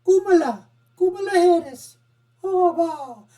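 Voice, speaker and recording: A man putting on a shrill mock-accented voice. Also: unhurried, dark tone. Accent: put-on Indian accent. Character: man mocking with an exaggerated accent.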